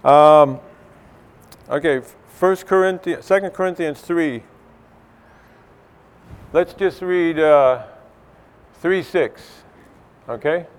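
Middle-aged male church speaker, clear resonant tone, slightly high, chatty, rambling delivery. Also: slow pace, pauses often. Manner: conversational, many fillers and restarts. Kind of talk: informal church teaching.

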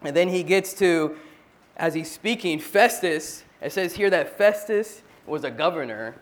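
A man's voice: a little high, expressive, unhurried. A man at a church meeting, earnestly retelling a Bible story in a casual sharing style, often restarting his sentences.

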